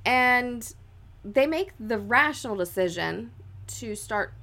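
A woman's voice: on the high side, expressive, slow, bright, forceful tone. A young adult woman co-hosting a podcast, telling a ghost story in a casual, chatty way, full of "like" fillers and dramatic quoted voices. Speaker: podcast co-host.

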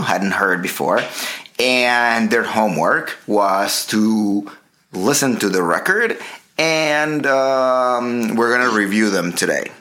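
A man hosting a casual podcast, joking around and swearing freely with his co-hosts. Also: medium pitch. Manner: profane, joking, lively. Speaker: podcast host.

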